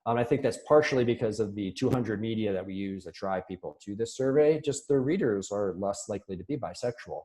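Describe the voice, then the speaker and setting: A man's voice: lowish voice, fairly quick, hardly any pauses, mellow, poor audio. A man presenting survey research in a webinar, speaking conversationally with many ums and restarts.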